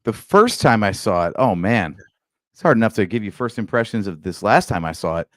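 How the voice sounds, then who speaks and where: A man's voice: lowish voice, expressive, fairly quick, a bit bright, no room sound, clean studio sound. A man in his forties co-hosting a podcast, talking casually with a wry, easygoing humor. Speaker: podcast co-host. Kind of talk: casual chat.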